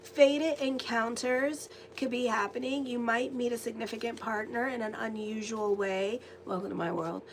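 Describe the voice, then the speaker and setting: A woman astrologer giving a casual, rambling tarot and horoscope reading, chatty and quick to laugh. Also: a little high, fairly even intonation, slight background noise.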